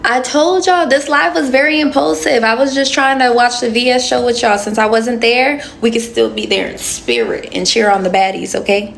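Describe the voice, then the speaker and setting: A woman's voice: on the high side, moderate pace, creaky, hardly any pauses, a little hiss or hum. A young woman in her twenties hosting a casual livestream, chatting and answering comments with slangy asides into a phone. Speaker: livestream host.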